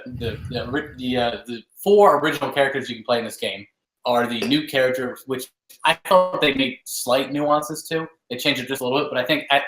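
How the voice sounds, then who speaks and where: Man, mid pitch, roomy echo, relaxed hesitant gaming chat. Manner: relaxed, hesitant, many fillers. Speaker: podcast co-host. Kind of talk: casual gaming podcast chat.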